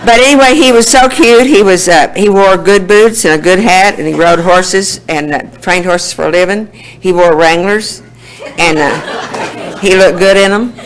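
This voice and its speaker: A woman's voice: mid-range voice, a little slow, slight background noise, rough recording. A woman in her sixties with an Oklahoma accent, telling her life story in a folksy way at a recovery meeting, laughing often. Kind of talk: personal testimony.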